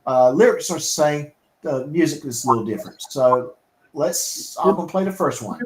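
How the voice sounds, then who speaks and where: A man's voice: fairly high pitch, lively intonation, normal speed, echoey room, a little hiss or hum, poor audio. A man hosting a casual talk show, speaking in an easygoing, rambling way with many fillers. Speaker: podcast host. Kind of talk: casual chat.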